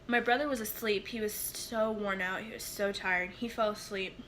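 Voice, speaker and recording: A young woman vlogger telling a personal story in a halting, emotional way, with many fillers and restarts. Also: mid-range voice, steady tone, a bit bright, a little hiss or hum.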